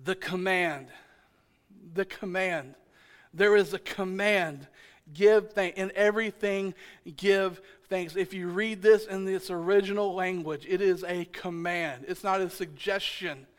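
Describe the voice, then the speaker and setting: A male pastor with a strikingly high voice for a man preaches a lively sermon, joking and teasing the congregation before rising to loud, emphatic shouts on each point. He sounds animated and playfully exasperated, with a smooth voice and a measured pace.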